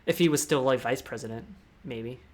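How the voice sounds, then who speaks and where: As host of a Discord talk, a young American man speaks loosely about public speaking, with false starts and side remarks throughout. He has a medium pitch and talks at a normal speed.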